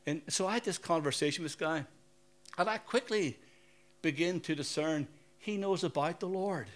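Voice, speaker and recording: A man's voice: on the high side, moderate pace. An older man from Northern Ireland with a Northern Irish accent, preaching a sermon in a chatty, storytelling way and often asking the audience questions. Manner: conversational, anecdotal, asks the audience questions. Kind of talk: sermon with personal stories.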